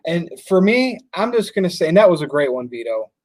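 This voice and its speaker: A man's voice: on the high side, very animated, brisk, a little mellow, no echo. A man co-hosting a wrestling podcast, chatting casually and tossing questions to his partner. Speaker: podcast co-host.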